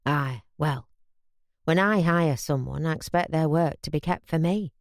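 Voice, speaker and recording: Woman putting on a gruff, muttering Yorkshire man. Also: sits low, a little slow, no echo, clean studio sound, pitched below the performer's own voice. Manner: muttering, thickened broad speech. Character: gruff drunk older Yorkshire man, Reg.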